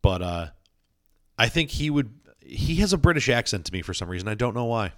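A man's voice: medium pitch, sing-song, brisk, no room sound, studio quality. A man chatting casually as a podcast co-host, telling rambling stories full of fillers and playful asides. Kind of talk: casual chat.

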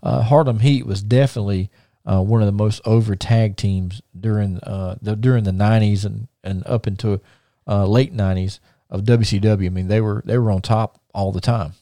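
A man's voice: lowish voice, steady tone, moderate pace, warm tone, no room sound. A man who hosts a podcast, telling rambling stories, repeating words and laughing at them. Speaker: podcast host and former wrestler. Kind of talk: casual storytelling.

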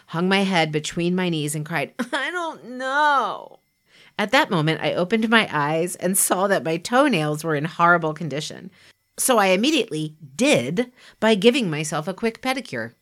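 A woman giving a scripted motivational talk, speaking in a lively, emphatic and conversational way. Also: fairly low pitch. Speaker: inspirational podcast speaker.

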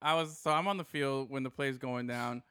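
A man co-hosting a casual sports chat, telling a game story in an animated way and laughing often. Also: medium pitch, normal speed, clean tone, dry recording, clean studio sound. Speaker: podcast co-host, sports photographer.

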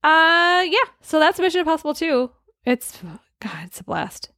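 A woman's voice: extremely high pitch, very animated, moderate pace, bright, forceful tone, no room sound, clean studio sound. A woman co-hosting a podcast in casual chat about films, rambling and correcting herself as she goes. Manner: chatty, rambling, self-correcting. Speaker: podcast co-host.

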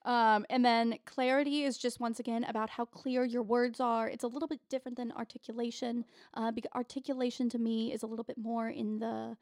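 Chatty soprano co-host, explanatory, dry close sound. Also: female voice, a little high, little pitch movement, brisk, few pauses, a little mellow, no echo. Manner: explanatory, trained-voice teacher tone. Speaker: podcast co-host. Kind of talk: casual chat.

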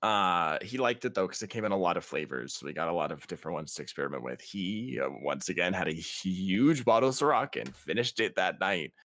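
A young man casually telling a funny story, laughing often and leaping into high voices to quote people. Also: brisk, hardly any pauses, no room sound, studio quality. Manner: laughing, animated, jumps to high voices quoting others. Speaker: podcast guest.

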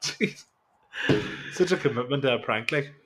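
A man's voice: mid-range voice, moderate pace, background noise. Young man, podcast co-host, casual, sweary, laughs a lot. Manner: laughs often, swears freely. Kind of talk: casual chat.

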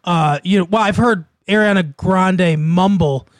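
High-voiced man in casual chat. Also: unhurried, no echo. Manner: laid-back, swears and laughs often.

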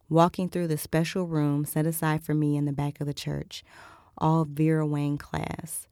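Low, gravelly woman narrating erotic fiction. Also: flat delivery, a little slow, mellow, no echo, clean studio sound. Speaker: audiobook narrator.

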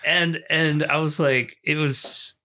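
Animated young man telling a scary story. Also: a little high, slow pace. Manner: animated, swearing, acts out screams and quotes. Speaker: podcast co-host. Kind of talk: casual storytelling chat.

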